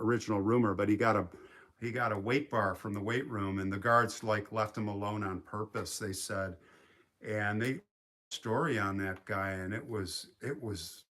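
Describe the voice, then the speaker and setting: A man's voice: fairly low pitch, a bit bright. Rambling man hosting a live stream. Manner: rambling, reads viewer comments aloud. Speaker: livestream host. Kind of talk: casual live-stream chat. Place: quiet home in the woods by a lake.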